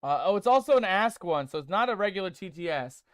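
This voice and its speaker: High, smooth-voiced male game streamer. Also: lively intonation, quick pace, fairly bright tone, dry recording, studio quality. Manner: playful, jokey, calls viewers "mateys"; reads chat aloud and tests text-to-speech voices. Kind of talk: casual game stream chat.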